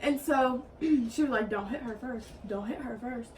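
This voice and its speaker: Animated high-voiced young woman. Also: normal speed. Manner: animated, acts out quotes in raised voices. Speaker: co-host. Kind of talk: casual storytelling. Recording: mic at a distance, faint background hiss.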